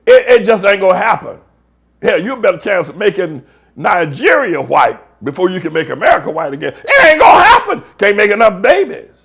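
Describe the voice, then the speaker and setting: A pastor in a heated, folksy preaching rant, swinging from shouts down to mutters. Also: male voice, high voice, sing-song, a little fast, vocal fry, breathy edge. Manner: folksy, slangy.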